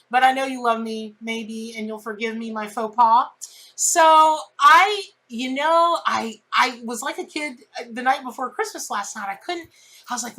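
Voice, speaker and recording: A woman's voice: on the high side, measured pace, poor audio. A woman hosting a daily tarot reading on her channel. She talks in a chatty, heartfelt and self-deprecating way. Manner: chatty, emotional, self-deprecating, warm with viewers. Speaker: tarot reader and channel host. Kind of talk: casual spoken tarot reading to camera.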